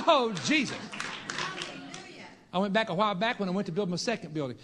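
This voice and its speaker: A preacher man telling a folksy testimony to a congregation, building into shouted fervor. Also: high voice, expressive, a little fast, crowd noise.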